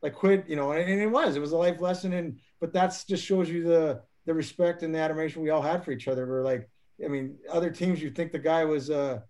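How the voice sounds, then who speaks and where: A former hockey player, appearing as a guest in a casual interview, tells stories quickly in a voice on the high side with a slightly mellow tone. He often repeats and restarts his words.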